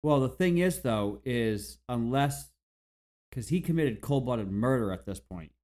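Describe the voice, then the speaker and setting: A man's voice: medium pitch, animated, unhurried, darkish tone. Man thinking aloud about a film. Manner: thinks aloud, restarts sentences. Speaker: podcast co-host. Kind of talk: casual movie discussion.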